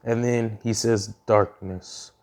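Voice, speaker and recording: A man with a gravelly, mellow voice tells a fan story off the cuff. He rambles and restarts often, filling gaps with ums. His tone stays casual throughout. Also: medium pitch, fairly even intonation, moderate pace.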